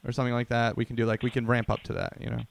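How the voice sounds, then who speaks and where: A man's voice: mid-range voice, completely flat delivery, rapid-fire, creaky. A man in casual podcast chat, teasing his co-host with crude banter.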